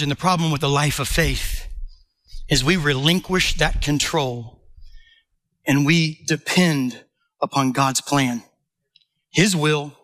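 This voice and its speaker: A male pastor preaching a sermon in an animated, playful way, talking directly to his listeners. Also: on the high side.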